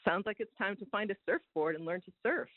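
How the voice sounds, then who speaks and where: A man's voice: high voice, brisk, no echo. Reflective man on a tinny call. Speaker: webinar panelist. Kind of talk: sharing advice on a webinar. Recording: tinny phone-like line.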